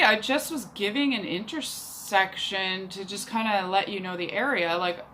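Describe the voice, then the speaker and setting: A woman's voice: medium pitch, unhurried, few pauses, bright, forceful tone, a little hiss or hum, low-quality recording. A young woman telling a rambling, exasperated story about a bad date, leaning on "like" constantly. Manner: chatty, exasperated, heavy use of "like". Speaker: vlogger. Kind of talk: casual storytelling rant.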